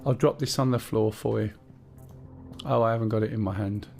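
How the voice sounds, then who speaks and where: A man's voice: on the low side, steady tone, fairly quick, gravelly, a little mellow, soft background music. A man streaming a game, chatting casually and talking a teammate through the controls, thinking aloud with fillers as he goes. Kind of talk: casual gameplay chat.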